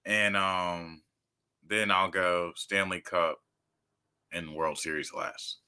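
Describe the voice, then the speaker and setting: A man's voice: low-pitched, steady tone, slow pace, pushed and bright, smooth. A man co-hosting a casual sports podcast, bantering with slangy jokes. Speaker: podcast co-host.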